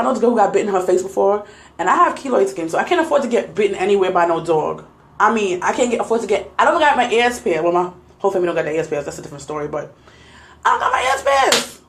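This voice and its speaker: A woman's voice: medium pitch, reverberant. A young adult woman vlogger, shaken and laughing nervously, retelling a scary night to her viewers on a phone. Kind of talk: casual storytelling to viewers.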